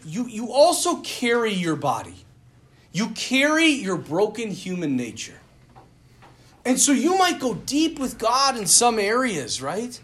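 High, lively priest preaching. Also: male voice. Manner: animated, self-deprecating, laughs often. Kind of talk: sermon.

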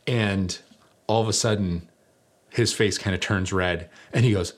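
A man's voice: lowish voice, moderate pace. A middle-aged man preaching a sermon, telling a story in a conversational, self-deprecating way.

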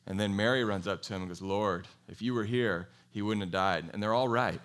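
A man preaching a sermon in a conversational, animated way, telling a Bible story and asking his congregation questions. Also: on the low side, a little fast. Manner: animated storytelling, acts out quoted voices. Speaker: pastor.

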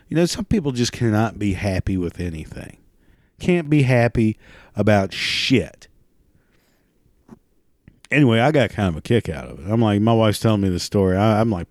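Guy ranting, cussing nonstop, kinda low voice, rambles and restarts a lot, dry close sound. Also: lively intonation, normal speed, a little mellow, dry recording. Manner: profane, crude, ranting. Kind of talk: casual monologue rant.

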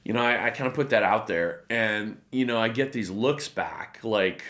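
Man, pastor, bright tense voice, animated storyteller, laughs a lot. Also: lowish voice, moderate pace. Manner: animated, acts out voices in his stories, laughs often. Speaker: pastor and guest. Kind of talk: storytelling interview talk.

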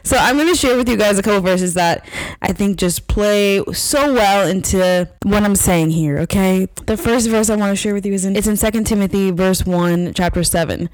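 A woman's voice: medium pitch, normal speed, no room sound, rough recording. Chatty young woman podcast host. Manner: chatty, animated storytelling with many fillers. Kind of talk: casual faith-based podcast monologue.

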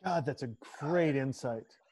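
Mellow and unhurried, this medium-pitched man hosts a casual podcast chat full of crude jokes. His delivery is emphatic and profane, riffing through banter.

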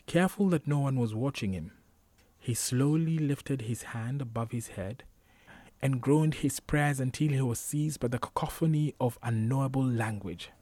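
A man reading a novel aloud as a narrator, measured and unhurried, sometimes dropping to a whisper. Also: mid-range voice, warm tone, dry recording. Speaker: audiobook narrator. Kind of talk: scripted narration.

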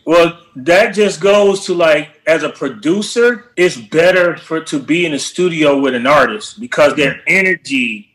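A man's voice: on the high side, a little slow, hardly any pauses. A man, a music producer, telling studio stories in a casual interview, acting out the people he quotes. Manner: animated, acts out quotes with shouted voices. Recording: roomy echo.

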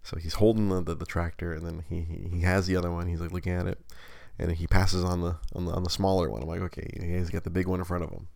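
Man in his thirties, very low gravelly voice, dry close sound; livestream host rambling through a parenting anecdote. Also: level tone, quick pace, few pauses, a little mellow, no echo. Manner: rambling, self-mocking, many restarts and laughs. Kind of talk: casual storytelling chat.

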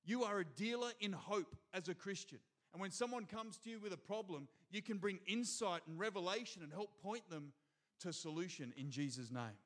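This sermon comes from an Australian pastor with a high, bright voice, speaking at normal speed with plenty of energy. He calls out to the congregation again and again from the front of a church hall.

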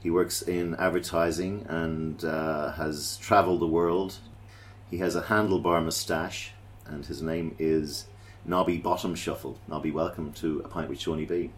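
A male podcast host running a playful mock interview, teasing his guest in a deadpan way with fillers and pauses. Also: rumbling low, slight background noise.

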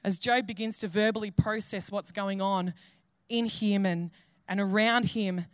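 A woman's voice: medium pitch, steady tone, unhurried, clear, resonant tone, no room sound, clean studio sound. A woman pastor, preaching a sermon in an earnest, conversational way.

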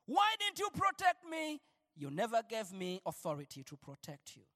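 High-voiced impassioned male preacher. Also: wildly swooping pitch, normal speed, big-room sound. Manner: impassioned, preaching, swings from soft to shouted. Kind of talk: sermon.

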